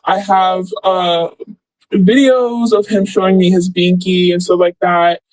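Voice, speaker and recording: A woman's voice: fairly low pitch, steady tone, unhurried, darkish tone, no room sound, low-quality recording. A young woman telling a story casually, rambling and filling with "like" and "blah, blah.". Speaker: former friend recounting events.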